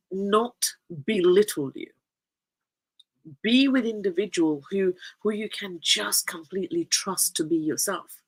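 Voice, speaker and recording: A woman chats through a personal story, giggling often between phrases. Her voice is husky and slightly breathy, and her pitch rises and falls a great deal. She is effusive and leans on repetition for emphasis. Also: rough recording. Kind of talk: casual anecdotal storytelling.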